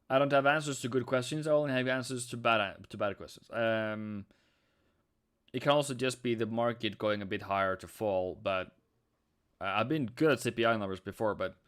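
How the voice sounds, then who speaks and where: A man's voice: mid-range voice, moderate pace, a bit bright, clean tone. A man whose first language is Norwegian, chatting casually on a live trading stream and answering viewers' questions. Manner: chatty, reads chat aloud, sings snatches.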